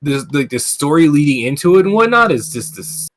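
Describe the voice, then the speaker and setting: A man's voice: fairly high pitch, big pitch swings, a little fast. A man hosting a casual gaming podcast, ranting with plenty of swearing and filler words. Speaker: podcast host. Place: streaming setup.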